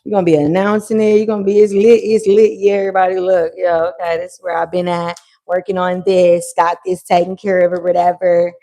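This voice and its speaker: A woman hosting a live tarot reading, talking in an animated, slangy way with swearing and bursts of laughter. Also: on the low side, fast. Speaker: tarot reader. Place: at home near a pool, kids heard.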